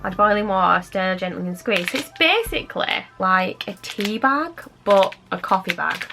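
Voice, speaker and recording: A chatty woman vlogging an unboxing in a rambling, excitable way, slightly out of breath. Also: mid-range voice, creaky, noisy background. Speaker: beauty vlogger. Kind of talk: casual unboxing chat.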